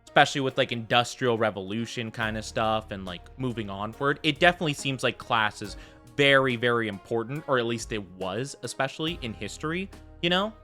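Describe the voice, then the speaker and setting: Bright-voiced rambling male streamer. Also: medium pitch, a little fast, soft background music. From United States. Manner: rambling, full of fillers and tangents. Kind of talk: casual chat while streaming a game.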